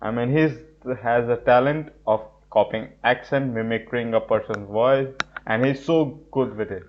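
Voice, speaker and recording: A man hosting a reaction video, giving earnest, effusive, halting commentary in a casual way. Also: mid-range voice, dull audio.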